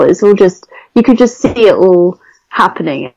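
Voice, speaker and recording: A young Englishwoman talks casually about a novel, frank and critical in her opinions. Her voice is mellow and warm. The sound is close and dry. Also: on the low side, expressive, normal speed, vocal fry, dry recording, lo-fi sound. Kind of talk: casual book discussion.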